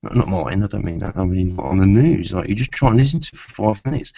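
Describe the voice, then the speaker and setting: A man's voice: low-pitched, lively intonation, quick pace, gravelly, few pauses, warm tone, no echo. A man chatting casually to camera in a rambling way, with many asides, and swearing when riled. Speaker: vlogger. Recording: dull lo-fi sound.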